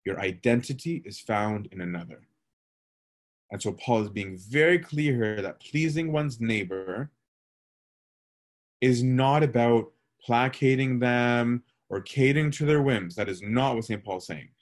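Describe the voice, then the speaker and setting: A man teaching a Bible study in a conversational way, often checking in with "right?" and pausing with fillers. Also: mid-range voice, lively intonation. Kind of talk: casual Bible lesson.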